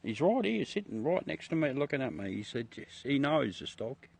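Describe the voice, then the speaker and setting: Out under the night sky, this middle-aged Aussie livestream host chats idly with viewers in a medium-pitched, sing-song voice that's creaky and slightly rough. His pace is moderate, and he's relaxed, laughing and cursing without restraint.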